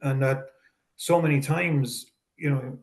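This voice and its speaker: A man hosts an interview and reflects on what his guest has said. He speaks at a middle pitch, thoughtful and halting, and often restarts his phrases. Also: steady tone.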